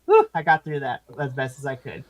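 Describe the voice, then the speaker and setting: A woman's voice: rumbling low, huge pitch swings, a little fast, poor audio. A woman hosting a casual wrestling recap, gushing over favorites and laughing often. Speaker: podcast host.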